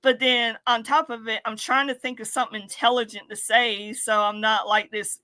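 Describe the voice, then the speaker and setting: A woman with a bright, fairly high voice chats casually, telling stories in an excitable, giggly way. She co-hosts a podcast. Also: normal speed. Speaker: podcast co-host. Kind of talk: casual chat.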